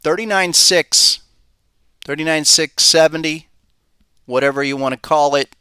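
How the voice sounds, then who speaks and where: A man hosts a live market commentary show with a bright, forceful tone and a smooth, crisp voice. He thinks aloud, casual and conversational, and tosses out rhetorical questions. The sound is dry and close, with no room echo. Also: on the high side, measured pace. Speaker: podcast host and market analyst.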